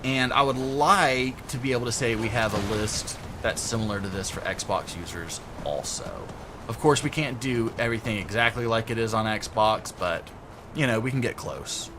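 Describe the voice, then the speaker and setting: A man's voice: on the low side, moderate pace, background noise. A young adult man chatting casually on a game stream, rambling through stories and laughing often. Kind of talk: casual gameplay stream chat.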